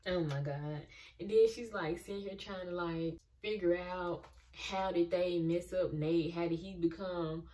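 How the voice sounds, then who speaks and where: A young woman hosting a reaction video rants about a show in casual TV commentary, her lowish voice unhurried and far from the mic. She's animated and exasperated, talking back to the characters.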